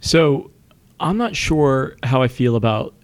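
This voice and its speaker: Male co-host, midrange voice, halting and repetitive, quick to laugh. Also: medium pitch, animated. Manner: halting, repeats words, laughs easily. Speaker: podcast co-host. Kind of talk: casual chat.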